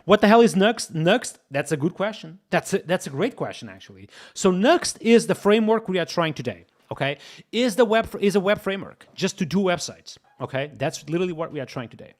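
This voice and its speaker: A young man with a high voice and lively intonation codes on a live stream, talking briskly. He gives casual commentary, reasoning aloud, repeating himself, and addressing his chat directly.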